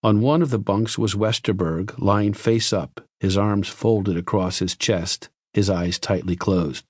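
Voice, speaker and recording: A man narrating a science fiction story in a measured, expressive reading. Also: fairly low pitch, breathy edge, dry recording, clean studio sound. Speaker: audiobook narrator. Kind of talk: scripted narration.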